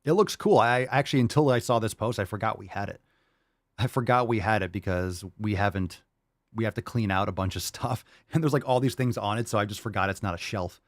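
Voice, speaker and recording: A man's voice: on the low side, fairly quick, dry recording, clean studio sound. A young man hosting a podcast, talking loosely and casually, laughing often and swearing freely. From Florida. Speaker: podcast host.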